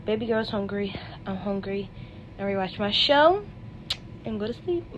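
A woman's voice: medium pitch, lively intonation, moderate pace, noisy background. A young woman vlogging casually to camera, frank and exasperated, cursing freely. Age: young adult. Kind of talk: casual vlog talk to camera.

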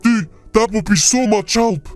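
A man's voice: sits high, unhurried, soft background music. A man voicing a worried older Santa Claus in a game video, talking in a fretful, earnest way.

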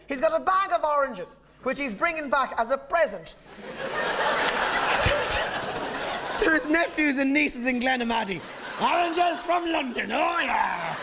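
A man in his thirties with an Irish accent, performing live stand-up on stage, telling stories in a rambling, self-interrupting way. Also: extremely high pitch. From Ireland. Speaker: stand-up comedian. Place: stage in a live comedy venue.

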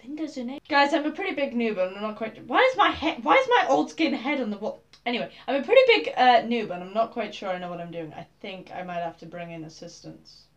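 Teen girl gamer, bubbly and loud, very lively high voice. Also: fast, muffled recording. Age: teens. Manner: bubbly, squeals and shouts with excitement. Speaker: Minecraft YouTuber. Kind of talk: casual gameplay commentary.

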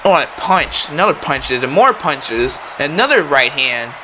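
A young man doing excitable play-by-play wrestling commentary, often exclaiming and addressing the audience. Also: on the high side, moderate pace, noisy background. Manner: excitable, keeps exclaiming and saying ladies and gentlemen.

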